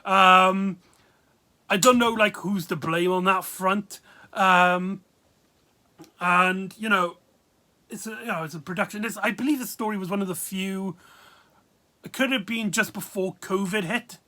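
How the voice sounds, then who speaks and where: Reviewer rambling on, lots of ums and likes, bright sharp voice. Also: medium pitch, measured pace, pauses often. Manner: rambling, full of fillers and laughs. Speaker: video reviewer. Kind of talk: casual spoken review.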